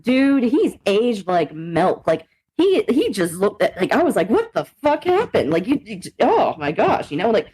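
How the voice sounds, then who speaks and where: Animated, swearing young woman co-host. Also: mid-range voice, breathy edge, rough recording. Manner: animated, swearing, laughs often. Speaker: podcast co-host. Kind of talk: casual chat.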